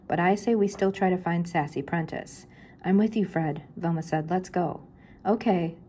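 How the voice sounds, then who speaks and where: An older woman reads a children's chapter book aloud, rising higher for each character's line. Her voice sits a little low and mellow, with a faint background hiss on the recording. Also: moderate pace. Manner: lifts her pitch for the characters' lines. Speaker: grandmother reading aloud.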